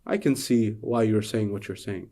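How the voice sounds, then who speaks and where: A lecturer slipping into a calm, wise sighted stranger from an old parable, speaking gently and patiently, in a measured and unhurried way. He sounds a touch lower and softer than the man's everyday speaking voice. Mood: gentle.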